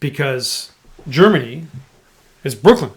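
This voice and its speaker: A man co-hosting a casual sports podcast, jokey and animated, slipping into silly voices. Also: medium pitch, takes it slowly. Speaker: podcast co-host.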